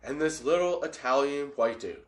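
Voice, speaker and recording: A man's voice: on the high side, moderate pace, echoey room. A man telling a wild story in casual talk, swearing, laughing often and checking in with "okay?". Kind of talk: casual anecdote.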